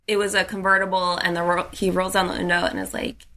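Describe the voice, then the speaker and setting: A woman's voice: lowish voice, flat delivery, fast, hardly any pauses, bright, forceful tone. A young adult woman recounting a personal story in a casual way, with frequent "like" and restarts.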